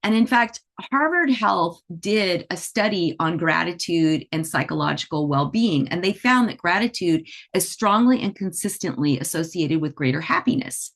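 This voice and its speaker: Low-pitched middle-aged woman, casual teacher who talks things through with the listener. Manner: chatty, with frequent "you know" and "right?" asides. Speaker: animal Reiki teacher. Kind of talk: conversational teaching talk.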